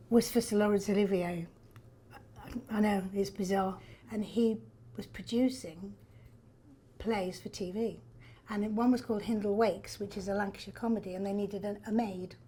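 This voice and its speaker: An older woman, a stage actor telling backstage stories in a lively, self-deprecating way with frequent laughs. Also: mid-range voice, moderate pace, slightly rough. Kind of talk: backstage storytelling. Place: theatre backstage.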